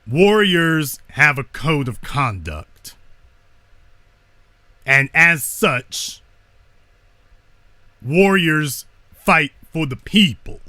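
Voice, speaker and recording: A man giving a slow, deliberate lecture, speaking emphatically and repeating his key lines. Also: on the high side, sing-song, bright, forceful tone, no echo.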